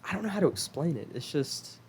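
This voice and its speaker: Slightly high and breathy-edged, this voice belongs to a young South Carolina man co-hosting a podcast, talking fairly quickly with big swings in pitch. It's casual chat, full of laughter and an occasional swear word.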